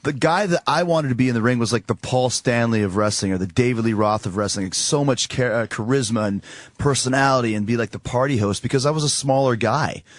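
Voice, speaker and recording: A man who is a wrestler and musician, guesting on a radio talk show in a studio and telling stories in a rapid, self-aware way. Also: medium pitch, dry recording. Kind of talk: casual radio interview chat. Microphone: studio microphone.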